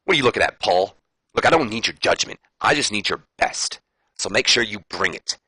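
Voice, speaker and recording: A man's voice: lowish voice, lively intonation, a little fast, pushed and bright, breathy edge, dry recording, full character voice. A man voicing a stern, self-righteous male wrestling team captain with firm, lecturing lines. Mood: curt.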